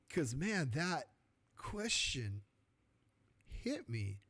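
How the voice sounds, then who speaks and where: Energetic middle-aged man from California. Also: medium pitch, measured pace. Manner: energetic and colloquial, peppered with rhetorical "right?". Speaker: podcast host. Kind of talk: motivational faith talk.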